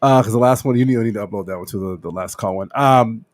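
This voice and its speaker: A man's voice: lowish voice, fast talker, dry recording, clean studio sound. A man co-hosting a casual podcast, joking around and walking listeners through a cocktail recipe. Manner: joking, animated, mixes drink recipe banter. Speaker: podcast co-host. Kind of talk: casual chat.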